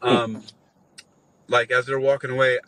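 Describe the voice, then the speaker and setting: In a rough recording with no echo, a forties-aged man rambles through a long, profane anecdote in casual conversation, animatedly voicing what others said. He speaks a little slowly at medium pitch.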